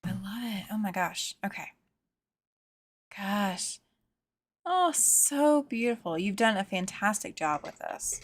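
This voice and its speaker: A woman's voice: mid-range voice, sing-song, takes it slowly, long pauses, dry recording. A woman hosting a live show-and-tell stream, gushing over viewers' sewing and embroidery and reading out their comments. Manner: gushing, exclaims often over viewers' work. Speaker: host. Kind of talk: livestream show-and-tell chat.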